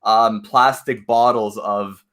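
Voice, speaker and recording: A man's voice: lowish voice, fairly even intonation, slow, fairly bright tone. A man from Canada joining a live stream as a guest, friendly and joking, with many fillers. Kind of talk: casual chat.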